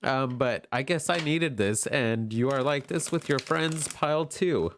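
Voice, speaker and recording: A man giving a gentle, affirming pick-a-card tarot reading, tearful and emotional as he talks. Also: mid-range voice, measured pace, slight background noise. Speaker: tarot reader.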